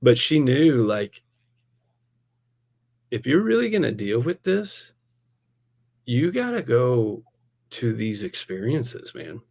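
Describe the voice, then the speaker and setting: A man's voice: mid-range voice, slow, creaky, pauses often. Man telling a story with lots of laughs. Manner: animated, laughs often, peppers speech with "man" and "dude". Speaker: pastor. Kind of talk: casual storytelling in a podcast conversation.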